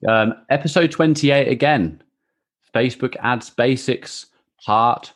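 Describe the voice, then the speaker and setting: A man hosting a podcast in casual chat, jokey and quick to tease his co-host. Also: medium pitch.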